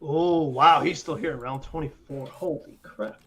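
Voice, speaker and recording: A man hosting a casual sports roundtable, excitable and quick to react. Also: on the high side.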